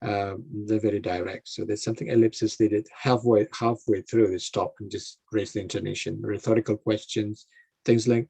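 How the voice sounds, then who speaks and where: A man's voice: fairly low pitch, fairly even intonation, moderate pace, creaky, warm tone, breathy edge, dry recording. A man giving an online talk to a club, speaking hesitantly with many fillers and restarts over a video call. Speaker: guest speaker.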